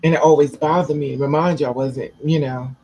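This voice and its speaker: A woman telling a personal story to camera in a blunt, profane, animated way. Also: sits low, fairly quick, slight background noise, low-quality recording. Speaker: vlogger.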